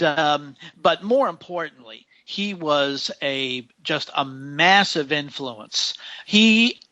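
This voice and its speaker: A man co-hosting a casual podcast chat, speaking slowly with enthusiasm. His voice is slightly high, bright and tense. The line sounds dull and lo-fi. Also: no room sound. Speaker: podcast co-host.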